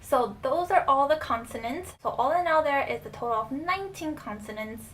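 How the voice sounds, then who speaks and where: A young woman with a fairly high voice teaches a relaxed video lesson. She explains patiently and says each example word twice. A faint hiss sits behind her voice. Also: moderate pace. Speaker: language teacher.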